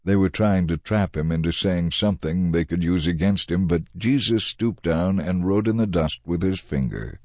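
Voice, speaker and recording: A man narrating a dramatized Bible reading with expressive delivery, shifting into voices for the characters. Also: deep voice, moderate pace, few pauses, dry recording. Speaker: scripture reader.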